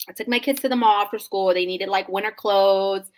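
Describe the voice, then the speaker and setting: A woman in her thirties co-hosting a podcast, telling an animated, sassy story in casual chat and acting out the people in it. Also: mid-range voice, normal speed. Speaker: podcast co-host.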